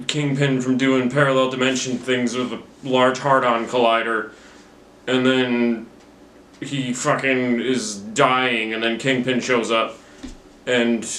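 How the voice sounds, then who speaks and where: A man's voice: mid-range voice, a bit bright, a little hiss or hum. A young man giving a rambling, profane and self-mocking recap of a movie he just saw, talking into his camera at home. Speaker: movie reviewer. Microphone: camera mic. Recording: roomy camera-mic recording.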